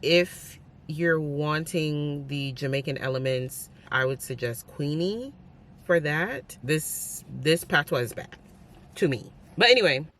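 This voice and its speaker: A woman's voice: deep voice, animated, slow, fairly bright tone, a little hiss or hum. A young adult woman chatting casually in a reading vlog, giving candid, opinionated reactions to books. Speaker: book vlogger.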